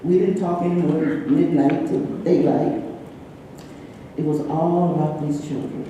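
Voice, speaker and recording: At a church memorial service, someone in their sixties delivers a personal eulogy for a close friend, sharing stories in a chatty way while their voice shakes and trembles with emotion. The mid-range voice has a dark tone and is picked up from far off in an echoey hall, with slight background noise.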